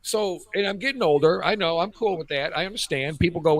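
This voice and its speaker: A man's voice: sits high, fairly quick. A man in his fifties co-hosting a talk show, telling crude stories in casual chat over a cheap headset. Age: 50s. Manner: animated storytelling, crude jokes. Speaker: radio show co-host.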